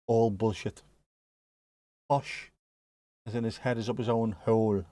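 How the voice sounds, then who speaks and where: A man's voice: lowish voice, steady tone, a little slow, mellow, no echo. A man hosting a casual livestream from home, chatting and musing aloud as he answers viewers. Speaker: livestream host.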